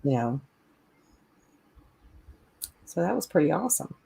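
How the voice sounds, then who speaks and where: A woman co-hosting a film podcast in casual chat, easygoing and quick to laugh. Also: deep voice, big pitch swings, vocal fry, mellow, husky.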